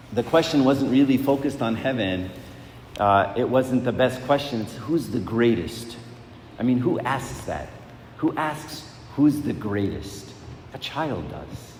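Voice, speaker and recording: A man preaching a sermon in a conversational way, repeating words and asking rhetorical questions. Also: mid-range voice. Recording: echoey hall, faint noise.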